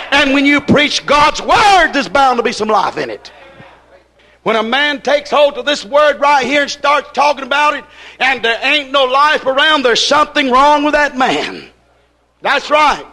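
A male preacher with a very high, bright, ringing voice delivers a sermon. He talks in a folksy, emphatic way, repeating himself for weight as he tells a story. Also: expressive, a little slow.

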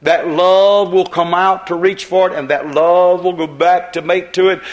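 A man's voice: high voice, steady tone, normal speed, dull audio. A man preaching a sermon, telling a parable in a rambling, repetitive way. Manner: rambling storytelling with repeated phrases.

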